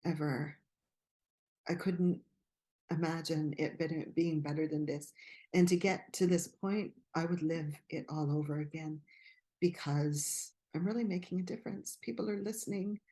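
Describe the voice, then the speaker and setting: A woman from Canada, a guest speaking earnestly and fervently about her own journey, with some halting restarts. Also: low-pitched, fairly even intonation, dark tone. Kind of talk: personal testimony in interview.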